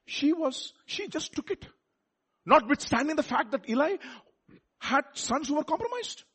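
Telugu-accented guy preaching, high voice, lots of repeats and restarts. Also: normal speed. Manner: animated preaching, rising to loud rhetorical questions; repeats words and restarts phrases. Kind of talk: sermon.

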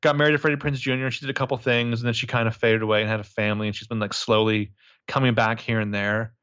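A man's voice: medium pitch, little pitch movement, fast, a bit bright, lo-fi sound. A man casually recapping a movie as a podcast co-host, crude and joking, rambling with lots of fillers.

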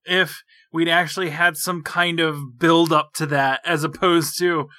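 A man's voice: a little high, fairly even intonation, measured pace, pushed and bright, no room sound. A man appearing as a guest on a podcast, chatting casually about a film, laughing and swearing in disbelief. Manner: incredulous, laughing, swears for emphasis. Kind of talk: casual movie review chat.

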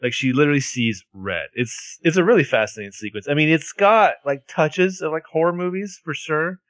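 A man's voice: fairly high pitch, fairly quick, dry recording. Chatty man talking over a show. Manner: chatty, lots of "like" and restarts. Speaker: podcast co-host recapping a TV episode. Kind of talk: casual chat.

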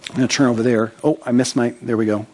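A man's voice: mid-range voice, steady tone, quick pace, warm tone. A man preaching a sermon as pastor, talking conversationally, reading scripture aloud with his own asides and checking in with "right?".

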